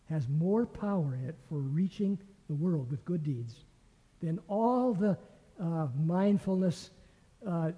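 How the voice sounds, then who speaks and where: An older man teaches scripture in a lively storytelling way, acting out the voices in the story. His voice is dark and a little husky, and a long hall reverb trails behind it. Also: a little high. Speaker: Bible teacher. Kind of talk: teaching a Bible class.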